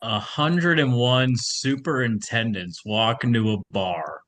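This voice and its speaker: A man's voice: mid-range voice, takes it slowly, fairly bright tone. A man improvising jokes on a video call, offhand and laughing at himself. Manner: laughing, offhand, self-deprecating. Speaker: improv player.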